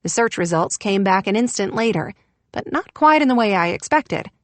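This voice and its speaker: Expressive woman narrating an audiobook, dry. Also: medium pitch, normal speed, no room sound. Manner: expressive, lifting her voice for quoted lines. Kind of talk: scripted first-person audiobook narration.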